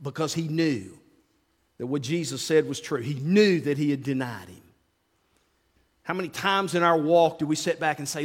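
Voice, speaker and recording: A male pastor preaching an animated sermon to his congregation, acting out the quotes he tells and calling out to people in the pews. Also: on the high side, moderate pace, long pauses. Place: church sanctuary. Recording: long reverb of a large hall.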